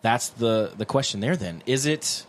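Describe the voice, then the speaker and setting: A man co-hosting a casual podcast, animated and joking, cursing freely. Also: medium pitch, normal speed. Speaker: podcast co-host.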